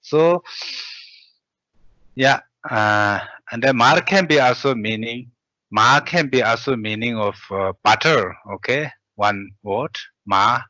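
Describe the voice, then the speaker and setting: A man teaching a language lesson, reading syllables slowly with hesitant fillers. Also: mid-range voice, bright, forceful tone, no echo. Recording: dull lo-fi audio.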